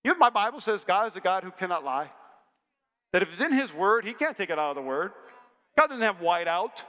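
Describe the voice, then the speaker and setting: Guy preaching with a really high, sharp voice, big echo from the church hall, gets loud and jokey. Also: brisk. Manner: energetic, humorous preaching that rises to shouts. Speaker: pastor. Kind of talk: sermon. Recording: long hall reverb.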